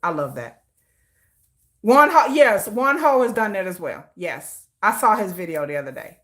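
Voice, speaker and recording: A woman hosting a casual livestream, animated and slangy, laughing often. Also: medium pitch, moderate pace. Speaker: livestream host.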